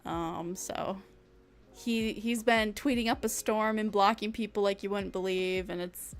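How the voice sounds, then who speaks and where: A woman's voice: medium pitch, fairly even intonation, unhurried. A young woman streamer chatting casually with her viewers, rambling, laughing often and swearing freely.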